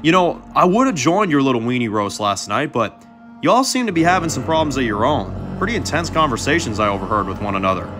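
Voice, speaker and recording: A man's voice: medium pitch, big pitch swings, quick pace, music in the background, natural voice. Man doing Audrin, a taunting mercenary. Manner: drawling, mocking, calls people darling. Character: swaggering male mercenary with a chainsaw.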